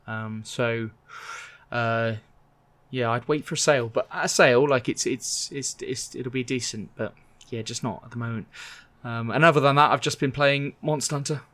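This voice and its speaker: A man's voice: mid-range voice, normal speed, bright, forceful tone. A man co-hosting a gaming podcast, talking casually and frankly with lots of hesitations and restarts. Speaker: podcast co-host.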